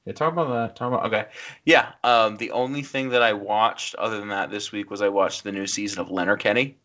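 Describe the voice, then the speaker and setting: A man's voice: on the low side, fairly even intonation, fairly quick, a bit bright, dull audio. A man co-hosting a podcast, chatting casually about films, rambling defensively with lots of likes. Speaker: podcast co-host. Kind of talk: casual film review chat.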